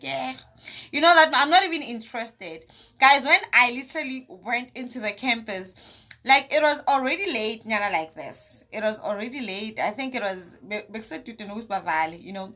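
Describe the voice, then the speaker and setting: A young South African woman telling a story in a casual, chatty way. She acts out what everyone said as she goes along. Her voice sits a little higher than most women's. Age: young adult. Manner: animated, chatty, acts out others' lines. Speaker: vlogger.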